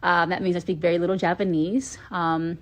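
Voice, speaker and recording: A woman's voice: fairly low pitch, level tone, brisk, slight background noise. Chatty woman on a phone stream. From Atlanta, Georgia, US. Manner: chatty, many ums, playful accent switching. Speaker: livestream host answering fan questions. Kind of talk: casual chat.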